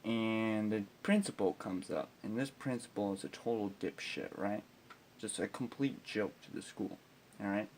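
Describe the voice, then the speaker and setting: A man's voice: lowish voice, moderate pace, a little mellow, a little hiss or hum. A teenage boy telling a profane comic story about school, ranting with constant swearing and exasperation. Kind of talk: profane comedic storytelling with guitar.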